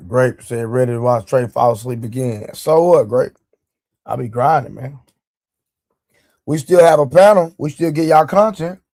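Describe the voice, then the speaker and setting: Eating on stream and nursing a sore leg, a livestream show host jokes loosely with his chat and greets viewers by name. His mid-range voice is a little mellow and moderately paced, in clean studio sound with no echo.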